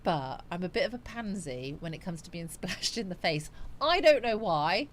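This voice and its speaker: A woman hosting a relaxed live chat stream, reading her viewers' comments and chatting back to them. Her delivery is loose and meandering, with frequent fillers and thinking out loud. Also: on the low side, moderate pace. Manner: chatty and rambling, musing aloud with frequent fillers. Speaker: livestream host.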